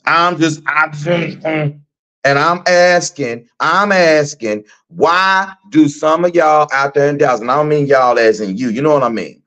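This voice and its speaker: Animated, profane Texan man on a live rant. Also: fairly high pitch, measured pace, highs cut off. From Texas. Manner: animated, repetitive, preachy and profane. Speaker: host.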